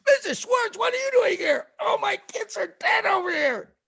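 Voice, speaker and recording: A man doing a frantic, shouting grief-stricken neighbor. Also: very high-pitched, lively intonation, normal speed, creaky, pitched above the performer's own voice, heavily acted. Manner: shouting, panicked and pleading.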